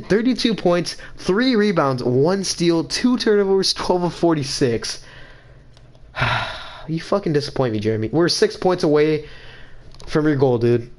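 A man's voice: a little high, animated, unhurried. A young man giving profane, trash-talking commentary over his own basketball video game match. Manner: loud, swearing, trash-talking, swings to mock apology. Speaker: gaming video creator.

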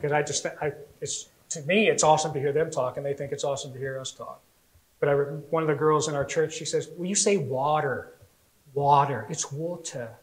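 An American man preaches a sermon from the pulpit, his voice pitched high. He tells stories with animation and slips into little voices for the people in them. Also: steady tone, quick pace, poor audio. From United States. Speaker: pastor.

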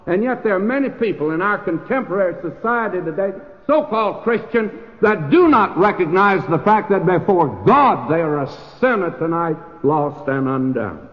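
Older man, sermon, folksy and emphatic, slightly high voice, tinny lo-fi recording, church hall reverb. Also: lively intonation, moderate pace, few pauses. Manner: folksy preaching with rising emphatic peaks. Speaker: pastor. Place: church sanctuary. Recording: lo-fi phone-like old radio recording with long hall reverb.

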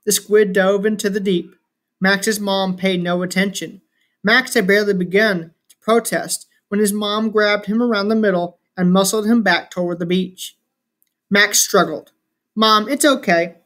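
Brief: plain storybook narrator, unpolished read with restarts, mid pitch. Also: steady tone, normal speed, fairly bright tone. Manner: unpolished reading with slips and restarts. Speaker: reader. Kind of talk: reading a novel aloud.

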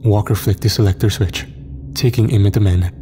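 A man narrating a military horror story in a steady, grim first-person telling. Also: lowish voice, brisk, slight background noise.

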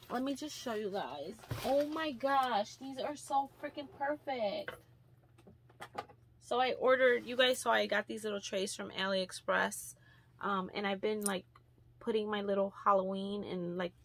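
A young woman talks to her viewers in a loose, chatty vlog, full of ums and likes and breaking into excited gushing. Her voice sits in a middle register with a steady gravelly fry at the ends of phrases. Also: medium pitch, a little hiss or hum. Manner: chatty, gushing, with many fillers. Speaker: vlogger. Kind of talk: casual vlog chat.

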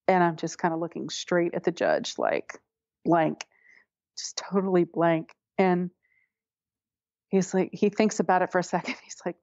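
A woman's voice: fairly low pitch, steady tone, unhurried, darkish tone, no echo, dull audio. A woman telling a personal story in an interview, candid and wry, often laughing as she talks. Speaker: interview guest.

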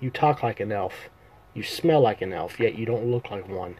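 A man's voice: on the low side, animated, normal speed, a little mellow, a little hiss or hum, lightly acted, rough recording. A man voicing a suspicious male elf warrior in a live reading of a fantasy novel, questioning and scornful.

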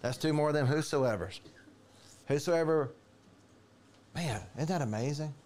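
A man preaching a conversational sermon in a church, animated and chatty, acting out quoted voices. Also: a little fast. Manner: animated, storytelling, jumps to higher pitch for quoted voices. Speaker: pastor.

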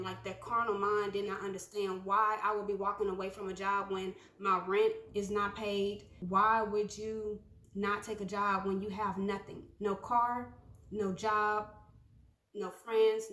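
A woman's voice: medium pitch, fairly bright tone, roomy sound. A young woman giving a casual prophetic message to her followers, talking conversationally with many ums and repeated phrases. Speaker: prophetic speaker.

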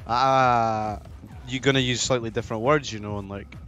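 Excitable Scottish man streaming. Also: mid-range voice, moderate pace. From Scotland. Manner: excitable, swears freely, bursts into laughter. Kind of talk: live-stream chat while gaming. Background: faint music.

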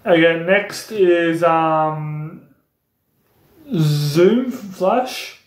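A man's voice: fairly high pitch, very slow. A young man chatting casually in a vlog, explaining voice impressions in a rambling, repetitive way. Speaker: YouTuber doing voice impressions. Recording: echoey room.

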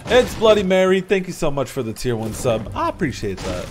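Brief: young man, game streamer on a headset mic, lively swooping pitch, excitable, swears casually. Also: brisk, background noise. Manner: hyped, thanks viewers loudly, swears casually. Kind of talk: live-stream gameplay chat.

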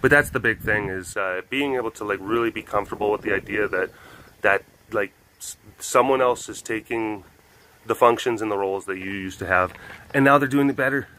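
A man's voice: fairly low pitch, fairly quick, pushed and bright, low-quality recording. Rambling young man outdoors. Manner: rambling, chatty, talks to animals in baby voice. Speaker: vlog host, big cat keeper. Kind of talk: casual chat. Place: outdoors at a rural animal facility.

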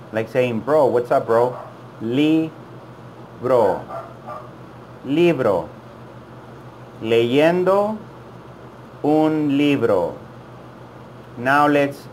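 A man teaching a language lesson, repeating words slowly and patiently for learners to copy. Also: medium pitch, a little hiss or hum. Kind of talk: slow, deliberate language lesson.

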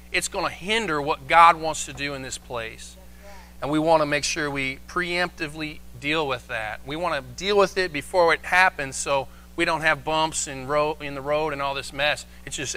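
Pastor, male, high bright voice, animated live sermon delivery. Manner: animated preaching, acts out quoted voices. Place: church, live stream.

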